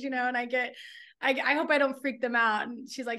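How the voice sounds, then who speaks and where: A woman author and professor interviewing a fellow writer over a video call, talking quickly and effusively, laughing often. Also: sits high, pushed and bright. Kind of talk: virtual book launch conversation. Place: home in Texas.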